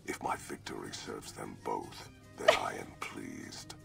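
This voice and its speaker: A man's voice: completely flat delivery, takes it slowly, over music, heavily acted. An actor playing a stern male legion warlord in a video game, speaking with solemn, formal devotion. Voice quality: deep, gravelly.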